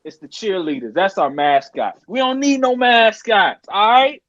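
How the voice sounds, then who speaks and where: A man's voice: high-pitched, expressive, measured pace, fairly bright tone, no echo, lo-fi sound. A man hosting a podcast, ranting casually and emphatically and repeating his points. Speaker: podcast host. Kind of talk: casual sports rant.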